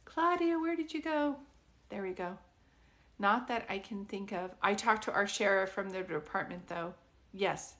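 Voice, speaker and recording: A woman's voice: mid-range voice, normal speed, fairly bright tone. A woman giving a casual live psychic reading from home. She talks in a chatty, rambling way full of fillers and restarts. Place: at home with a dog nearby.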